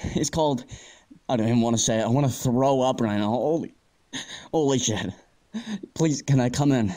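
A man's voice: mid-range voice, moderate pace, dark tone, natural voice. A young man playing a panicky amateur scientist in an amateur audio drama, stammering and swearing as he talks. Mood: panicked.

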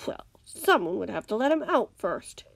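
A woman reading aloud, voicing a cold, scheming male villain who speaks calmly and menacingly. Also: fairly high pitch, normal speed, vocal fry, no echo, heavily acted. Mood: cold taunting. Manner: calm, menacing, sometimes whispered.

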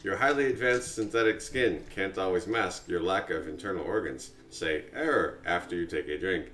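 A man's voice: low-pitched, normal speed, fairly bright tone. A man playing an android pretending to be human, stiffly correcting itself mid-word. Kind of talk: character introduction in a board game. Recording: echoey room, voice from a distance.

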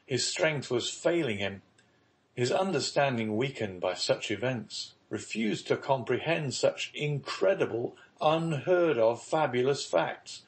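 A male audiobook narrator reading a classic novel in a measured, steady voice. He keeps a slow, unhurried pace at a middle pitch. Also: creaky. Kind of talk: scripted narration.

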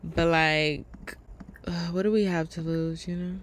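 A woman streamer with a lowish voice gives casual let's-play commentary, unhurried, over a noisy background. She's animated and profane, talking straight to her viewers.

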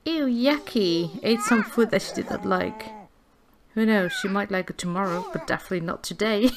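A woman's voice: medium pitch, fairly even intonation, brisk, background noise. A woman giving casual gameplay commentary, chatty and giggly, cooing affectionately at the characters on screen. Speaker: gameplay video creator.

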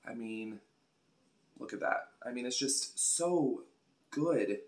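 A woman's voice: extremely low pitch, lively intonation, takes it slowly, darkish tone. A woman hosting a casual beauty product review vlog, chatty and gushing, often repeating words for emphasis. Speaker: beauty vlogger.

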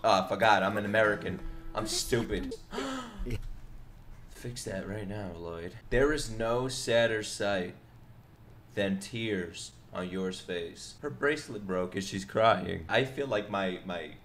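Man for an anime reaction, excitable joker, bright voice, very lively pitch. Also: slow, slight background noise. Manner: excitable, joking, bursts into shouts.

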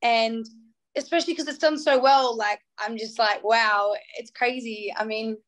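A woman's voice: fairly high pitch, moderate pace. Bubbly young Australian woman singer. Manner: bubbly, many fillers, acts out quotes. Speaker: singer guest. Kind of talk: casual interview chat.

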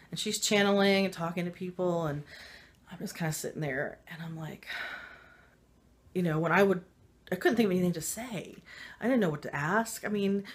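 Low-voiced woman telling a personal story. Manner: rambling, with frequent fillers and laughs; emotional and confiding. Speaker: spiritual vlogger.

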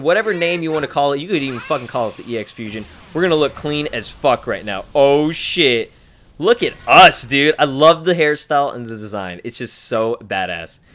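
A man giving casual let's play commentary, excitable and swearing often, with frequent laughs. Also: fairly high pitch. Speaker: gaming YouTuber. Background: game music.

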